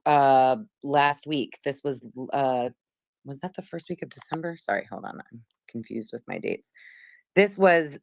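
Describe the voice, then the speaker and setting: A woman's voice: deep voice, dry recording. A woman in her forties from South Jersey, casually recounting what she saw, chatty and rambling with many fillers. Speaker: witness.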